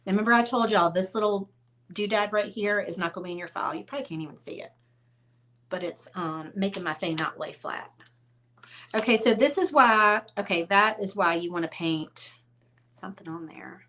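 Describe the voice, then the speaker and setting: A woman's voice: medium pitch, a little fast, a bit bright, slight background noise. Chatty woman teaching crafts. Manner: chatty, self-teasing, talks straight to viewers. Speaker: craft tutorial host. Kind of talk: casual painting tutorial.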